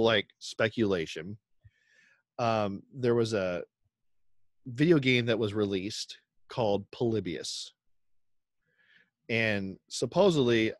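A lowish male voice, recorded with no echo, belongs to a podcast co-host. He tells stories in rambling casual chat, leaning on fillers and acting out quotes.

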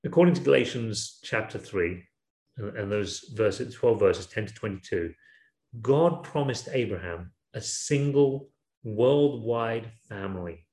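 A man giving a sermon in a measured, thoughtful way, asking rhetorical questions. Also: fairly low pitch, animated, a little mellow. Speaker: preacher. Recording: echoey room.

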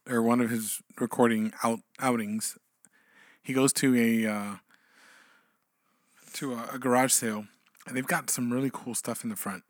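A man's voice: medium pitch, no room sound. A man co-hosting a casual podcast chat, telling a story in a loose, rambling way. He stops and restarts his sentences often. His voice sits mid-range and sounds dry and close. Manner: rambling, many restarts and "you know"s. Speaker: podcast co-host.

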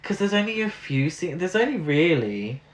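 Co-hosting a casual film review podcast, a man with a voice on the high side rants in an exasperated, filler-laden way. He has a sing-song delivery at a moderate pace, recorded with a roomy echo.

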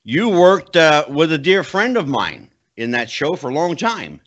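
Bright-toned male host, lo-fi sound. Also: a little high, big pitch swings, measured pace. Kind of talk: casual interview chat. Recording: dull lo-fi sound.

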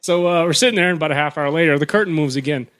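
A man telling a profane, animated story on a casual radio show, acting out what people said. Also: fairly high pitch. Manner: fast animated storytelling, profane, acts out quotes. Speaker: guest storyteller.

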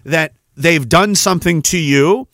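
A man's voice: a little high, a little slow, vocal fry, fairly bright tone, no echo, studio quality. A man hosting a podcast, delivering a profane, rambling monologue rant. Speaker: podcast host. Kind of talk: ranting monologue.

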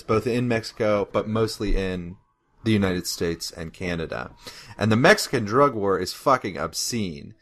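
Low-voiced man explaining with many ums. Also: a bit bright. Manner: informative, hesitant with many "um"s. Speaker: podcast co-host. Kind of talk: casual discussion.

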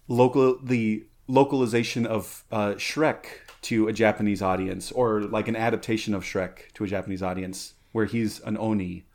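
A man's voice: on the low side, fairly even intonation, normal speed, few pauses, darkish tone. A man co-hosting a casual podcast chat, rambling with lots of fillers and restarts. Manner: rambling, filler-heavy, laughs along. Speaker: podcast co-host.

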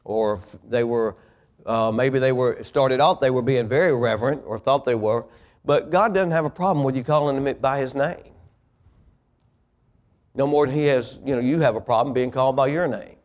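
In a mid-range voice at normal speed, a male pastor preaches, asking his congregation to repeat his words and then climbing into loud, forceful preaching.

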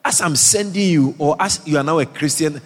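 A man's voice: a little high, fairly quick. Man preaching in echoing hall. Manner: animated, repetitive, asks the audience questions. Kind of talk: sermon. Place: church hall. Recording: long hall reverb.

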